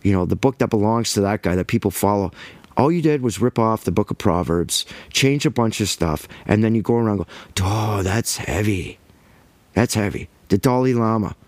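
Emphatic ranting man, low voice. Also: animated, a little mellow, no echo. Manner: emphatic, ranting, quick bursts with repeated words. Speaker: Christian commentator. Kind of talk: impassioned religious monologue.

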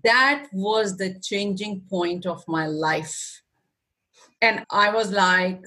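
A woman's voice: medium pitch, slow, sharp tone. A woman guest in an interview telling an emotional personal story, acting out her own past words and often laughing.

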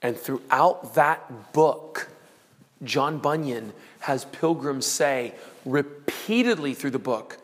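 A man preaching a sermon, dramatic, acting out quoted voices and shouting out lines. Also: medium pitch, animated, slow pace. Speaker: pastor. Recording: long reverb of a large hall.

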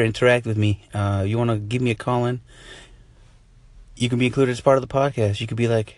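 A man's voice: on the low side, fairly even intonation, normal speed, pauses often, no echo. A man hosting his own podcast, wrapping up an episode in a casual, rambling way with frequent chuckles and self-deprecating asides. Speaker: podcast host. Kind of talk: casual solo podcast outro.

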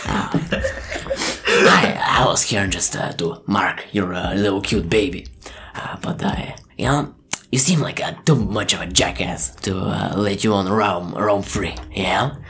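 A man's voice: sits low, a little slow, a bit bright. A man voicing a crude, mocking male demon sent from Hell, taunting and profane, sometimes dropping to a whisper.

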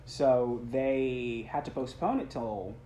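Warm and slow, this young man's medium-pitched voice carries a casual interview in which the stage actor talks earnestly, wandering a bit with restarts and little laughs. Faint background noise sits in a roomy-sounding recording.

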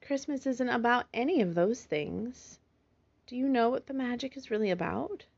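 A woman voicing a gentle mother fox who talks in a calm, soothing, motherly way, in a slightly muffled recording. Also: a little high, normal speed, creaky, husky, pitched above the performer's own voice, heavily acted.

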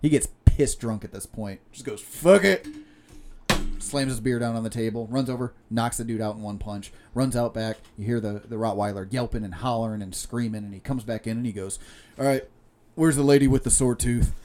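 A man's voice: fairly low pitch, fairly even intonation, fairly quick, few pauses, mellow, a little hiss or hum. A young man telling long-winded jokes in casual chat, laughing often and restarting lines as he goes. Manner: laughs a lot, rambling storyteller with restarts.

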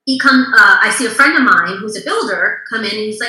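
A woman's voice: fairly high pitch, expressive, fast talker, bright, forceful tone, echoey room, rough recording. A woman interior designer as a guest, chatting casually and telling stories in a bubbly way, acting out other people's lines. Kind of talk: casual storytelling chat.

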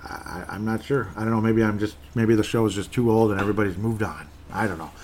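A man talks through his own sports podcast in a loose, rambling way. His voice sits somewhat low, and he keeps breaking off mid-thought to start over. A faint hiss runs under the recording. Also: fairly even intonation, quick pace, darkish tone. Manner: rambling, opinionated, self-interrupting. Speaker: podcast host. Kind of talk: casual solo podcast chat.

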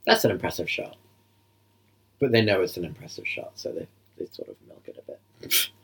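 A man with a low, husky voice chats his way through a film commentary. He jokes crudely and rambles from one aside to the next. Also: big pitch swings, a little fast, fairly bright tone. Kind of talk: casual film commentary chat.

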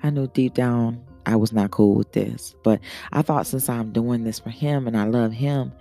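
A woman's voice: very deep voice, normal speed, warm tone, soft background music. A man voicing a hurt, anxious young wife in an adult story. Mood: distressed. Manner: anxious, pleading.

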